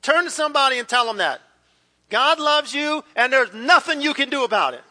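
Male preacher, very high ringing voice, animated storyteller, long hall echo. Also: fairly quick. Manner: animated storyteller acting out quoted voices, dropping to hushed intensity. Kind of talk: sermon with personal story.

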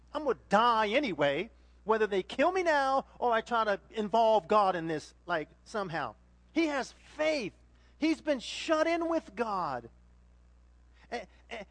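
A man preaching a sermon, animated, swinging between loud exhortation and quiet asides. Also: very high-pitched, measured pace, no echo.

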